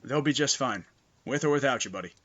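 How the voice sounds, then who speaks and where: A man's voice: medium pitch, a little fast, a bit bright, dull audio. A man narrating as game master for a tabletop game, loose and full of fillers.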